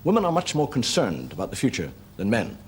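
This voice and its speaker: A man, a comedian hosting, delivering a stand-up monologue and telling jokes briskly while voicing the characters. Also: medium pitch. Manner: brisk, animated joke telling with voiced characters. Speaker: comedian host. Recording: old TV recording with audience noise.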